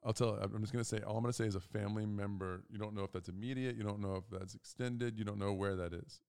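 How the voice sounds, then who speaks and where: A man's voice: fast, creaky, clean tone. A man in his thirties co-hosting a casual chat, telling stories animatedly and acting out other people's lines. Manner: animated, acts out quotes in loud, high voices. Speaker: podcast co-host.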